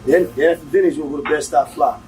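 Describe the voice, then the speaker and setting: A man's voice: a little high, fast, crowd noise. A man hosting a podcast, answering in short, laid-back replies during casual conversation. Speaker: podcast host. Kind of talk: casual interview chat. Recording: distant mic with room noise.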